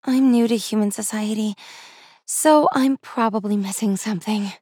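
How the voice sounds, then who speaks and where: A woman reading the part of a naive young princess who is new to human society, speaking softly and earnestly. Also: medium pitch, normal speed, breathy edge, dry recording, studio quality, natural voice. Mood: curious.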